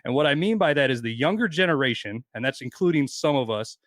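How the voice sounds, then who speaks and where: A man's voice: medium pitch, animated, fast talker, fairly bright tone, no echo. A man in his forties telling rambling, profane stories on a podcast as a guest, acting out other people's lines. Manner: profane, rambling anecdotes with quoted voices. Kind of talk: casual podcast storytelling.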